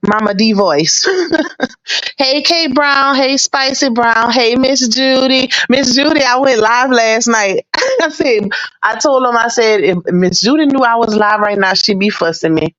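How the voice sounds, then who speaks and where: A woman's voice: a little high, measured pace, fairly bright tone, dry recording. Chatty livestream host woman, lo-fi sound. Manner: greets chat viewers by name, chatty and laughing. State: a little under the weather. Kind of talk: casual livestream chat. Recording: dull lo-fi stream audio.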